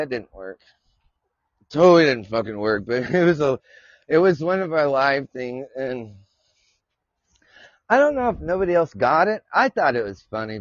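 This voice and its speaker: A man rambling through a casual live podcast, profane and quick to laugh. His voice sits a little high and sounds dry and close. The audio is dull and lo-fi. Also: dry recording. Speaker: podcast host. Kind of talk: casual live-stream chat.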